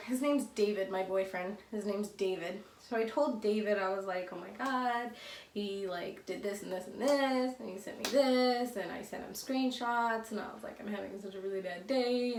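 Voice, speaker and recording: Chatty young woman, roomy and distant. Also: a little high. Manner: rambling, chatty, many fillers and restarts. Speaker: vlogger. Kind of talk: casual storytime. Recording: roomy echo, a bit far from the mic.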